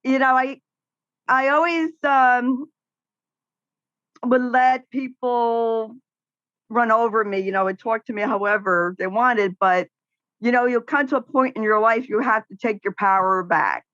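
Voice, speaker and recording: On a dry recording with the highs cut off, a middle-aged woman with a fairly high voice speaks a little slowly. She's a podcast guest chatting casually about caregiving, outspoken and laughing as she tells lively stories.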